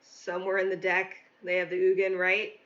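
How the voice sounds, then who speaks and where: Woman game streamer with a bright, forward voice, dryly joking her way through a match. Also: fairly low pitch, monotone, moderate pace, dull audio. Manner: wry, chatty, self-deprecating. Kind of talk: casual live-stream commentary while playing.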